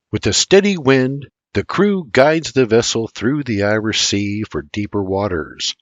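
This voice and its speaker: An older man narrates a historical audiobook at an unhurried pace. His intonation rises and falls in a lively way, and the recording is dry and close with no room sound. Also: on the low side, dry recording, lo-fi sound. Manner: slow, measured, lively intonation. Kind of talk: scripted narration.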